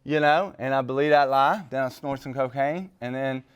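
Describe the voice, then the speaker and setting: A man's voice: medium pitch, moderate pace, clear, resonant tone. A man telling his recovery story in a rambling, casual way, full of street slang. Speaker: recovery speaker. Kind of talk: personal recovery talk.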